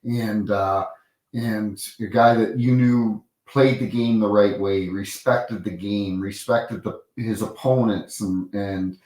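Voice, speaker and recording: A man's voice: lowish voice, fairly even intonation, takes it slowly, darkish tone, echoey room, poor audio. A man, a former referee, telling rambling anecdotes with many restarts and acted-out quotes in a casual interview.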